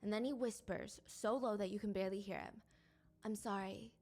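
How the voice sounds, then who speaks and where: Woman, mid-pitched voice, measured true crime narration. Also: darkish tone. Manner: measured, descriptive storytelling.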